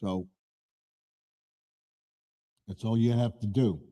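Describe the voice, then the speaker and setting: A man hosting a casual live stream from his home man cave, talking in a slow, rambling, low-key way. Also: steady tone, mellow.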